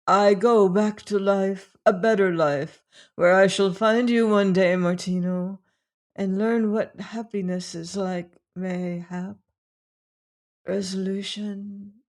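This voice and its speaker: A dying young woman murmurs her farewells in a faint, breathy voice, as a man reads her lines. She speaks slowly and weakly, her tone tender and pleading. It is a storybook reading. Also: sits high, fairly even intonation. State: dying, weak. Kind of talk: audiobook character reading.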